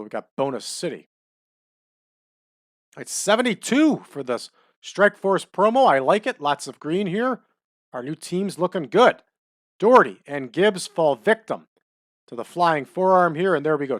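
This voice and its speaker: A man's voice: on the high side, dry recording. Man, casual game commentary, chatty, laid-back, dry close-mic sound. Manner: laid-back, chatty, adds wrestling trivia. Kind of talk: casual commentary over a wrestling sim.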